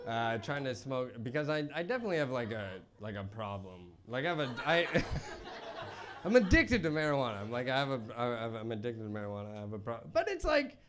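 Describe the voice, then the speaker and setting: On stage with a handheld mic, a man performs stand-up in a hesitant, halting, self-deprecating way. His medium-pitched voice has a sing-song quality, and there's background noise.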